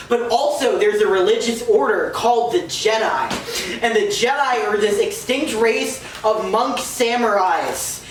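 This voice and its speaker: A woman giving a playful, laughing lecture to a group of friends, tossing in quick jokes as she retells the story. She sits back from the mic in a very echoey room, with a faint hiss of noise underneath. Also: fairly high pitch, recorded from a distance. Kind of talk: casual comedic lecture to friends.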